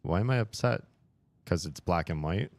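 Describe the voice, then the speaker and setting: A man's voice: deep voice, lively intonation, moderate pace, creaky. A man playing a video game and commenting casually, with wry, chatty reactions. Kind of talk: casual let's-play commentary.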